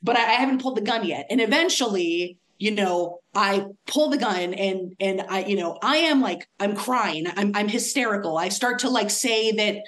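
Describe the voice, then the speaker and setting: A woman's voice: medium pitch, normal speed, hardly any pauses. A young adult woman telling a story in a casual talk, laughing often and acting out the voices of the people in it. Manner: animated, laughs often, acts out quoted voices. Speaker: academic speaker.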